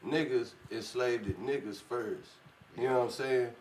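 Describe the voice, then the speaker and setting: A man co-hosting a podcast in casual chat, blunt and animated, with a filler he keeps repeating. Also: medium pitch, moderate pace. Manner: blunt, animated, keeps saying "you know what I'm saying". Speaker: podcast co-host. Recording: distant mic with faint background noise.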